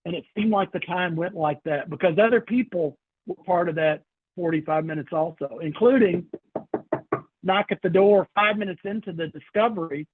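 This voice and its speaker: A man's voice: high-pitched, normal speed, breathy edge, dry recording, phone-quality sound. A man telling a story to an audience, acting out the voices of the people in it. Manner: animated storyteller, acts out quoted voices. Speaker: keynote speaker. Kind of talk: storytelling keynote talk.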